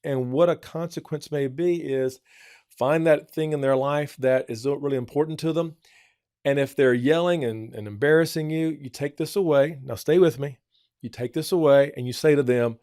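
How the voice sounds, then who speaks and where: A man's voice: a little high, moderate pace, a little mellow, no echo, studio quality. A man on a church program giving earnest parenting advice, often repeating his points for emphasis. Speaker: church family counselor. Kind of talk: advice talk.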